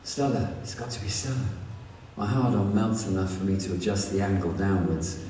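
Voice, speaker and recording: A man's voice: low voice, fairly quick, mellow, a little hiss or hum. A man reading his own novel aloud in the first person, with a wry, conversational delivery. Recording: echoey hall from far off, faint ambience.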